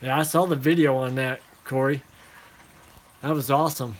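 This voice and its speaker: A man chatting casually to viewers about his fish in a relaxed, rambling way, talking into a phone and calling everyone man and dude. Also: mid-range voice, normal speed. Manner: laid-back, rambling, calls listeners man and dude. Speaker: aquarium hobbyist vlogger.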